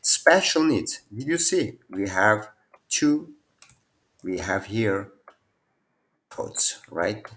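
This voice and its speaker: A man's voice: on the low side, sing-song, extremely slow, long pauses, fairly bright tone. A young man with non-native phrasing, casually talking through programming quiz answers at his computer. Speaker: programming teacher. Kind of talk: casual screen-share tutorial.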